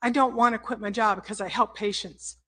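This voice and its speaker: A woman's voice: medium pitch, fairly even intonation, a bit bright, low-quality recording. Emotional older woman at a council podium. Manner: emotional, halting, apologetic. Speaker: public commenter. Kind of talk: public comment at a council meeting. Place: council chamber. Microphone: podium microphone.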